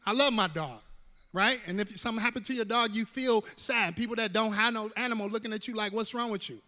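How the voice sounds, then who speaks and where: A male pastor delivers a sermon, calling on the congregation to repeat lines after him. His voice sits high and rings bright. It moves between quiet, close talk and sudden shouts, and a long hall reverb trails behind it. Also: fast talker. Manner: call-and-response preaching, swings from hushed to shouting.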